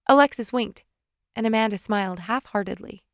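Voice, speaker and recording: A woman narrating a romance audiobook in a calm, even storytelling voice, recorded close on a studio mic. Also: medium pitch, brisk, no echo.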